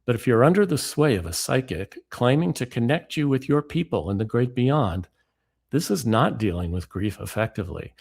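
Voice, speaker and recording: A man giving a lecture as author and speaker, reading book excerpts in a measured, deliberate way. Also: mid-range voice, sing-song, gravelly, a little mellow.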